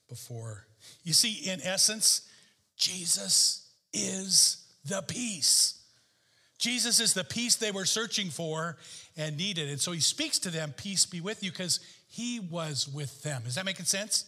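A man preaching a sermon as pastor, emphatic and repeating key phrases, his pitch swinging up and down. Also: sharp tone, big-room sound. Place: church sanctuary.

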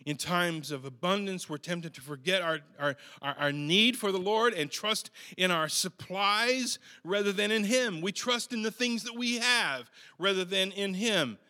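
A male preacher with a high, bright voice delivers a sermon at a slow, deliberate pace. He speaks earnestly and often circles back to repeat a word before going on. His voice rings out with the long reverb of a large church hall. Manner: earnest, slow, with frequent restarts and repeated words.

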